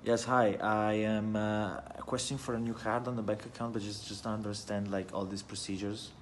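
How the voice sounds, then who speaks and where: A man's voice: fairly low pitch, flat delivery, moderate pace, a little hiss or hum, natural voice. A man playing a confused bank customer who stumbles and asks for things repeated. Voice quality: hesitant, stumbling restarts. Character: confused male bank customer, patient then fed up.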